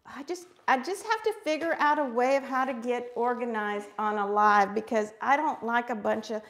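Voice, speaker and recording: A woman's voice: on the high side, moderate pace, fairly bright tone. A middle-aged woman hosting a live craft stream, bubbly and chatty, calling her viewers friends. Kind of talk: casual live craft demo chat.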